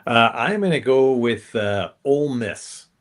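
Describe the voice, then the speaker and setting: A man on a sports podcast panel, giving brief relaxed picks. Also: mid-range voice, measured pace.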